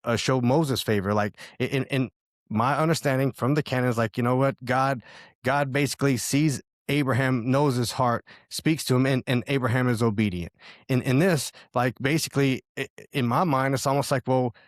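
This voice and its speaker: Co-host, male, mid pitch, hesitant and searching, dry close sound. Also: steady tone, moderate pace, dry recording. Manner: hesitant, many restarts and fillers, searching for words. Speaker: podcast co-host. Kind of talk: casual faith discussion.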